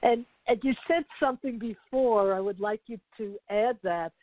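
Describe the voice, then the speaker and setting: A woman's voice: a little high, normal speed. A woman hosting an interview, asking questions and thanking her guest appreciatively. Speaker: interview host. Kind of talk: interview conversation. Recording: dry, tinny phone-line audio.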